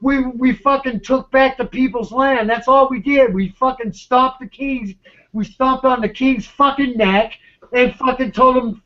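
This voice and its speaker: A man rants urgently over an online voice chat, swearing constantly and stumbling over his words as he repeats himself. His voice sits very high for a man. The audio is dull and lo-fi. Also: fairly even intonation, a little slow, sharp tone. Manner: profane, urgent, repetitive, stammering. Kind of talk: agitated rant.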